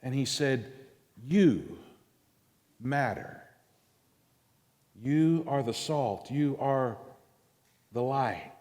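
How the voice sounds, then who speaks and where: A man, preaching a sermon as pastor, with slow, emphatic delivery, stressing single words and pausing between phrases. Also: mid-range voice, darkish tone. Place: church sanctuary. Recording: long reverb of a large hall.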